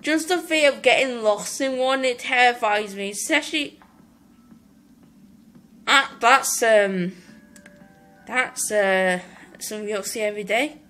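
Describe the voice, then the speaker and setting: An excitable Irish woman chatting through gameplay as a let's play host. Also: on the high side, a little slow, pauses often, soft background music. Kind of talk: gaming commentary.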